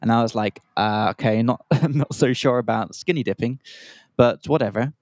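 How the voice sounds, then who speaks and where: A young Australian man co-hosts a podcast for English learners, telling a rambling story in a casual way, pausing to explain slang and acting out the other voices. His mid-range voice is a little mellow at a moderate pace, and the recording is dry.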